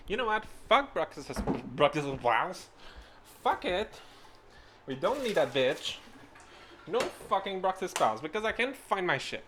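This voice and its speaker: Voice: mid-range voice, sing-song, normal speed, noisy background. A podcast host talking casually while cooking at home, rambling, laughing and swearing through each step. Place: home kitchen.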